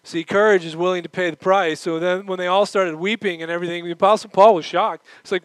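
Male pastor preaching, middle-aged, lively and animated, slightly high voice, dry close mic. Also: fast talker, few pauses, smooth, no echo, low-quality recording. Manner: animated, acts out quoted voices; moves around while preaching. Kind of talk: sermon.

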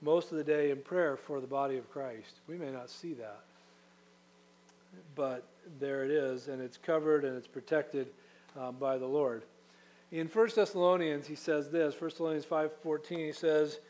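Earnest preaching man, slightly high voice. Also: moderate pace, a little mellow. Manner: earnest preaching, reads scripture aloud, swells for emphasis. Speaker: pastor. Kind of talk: sermon.

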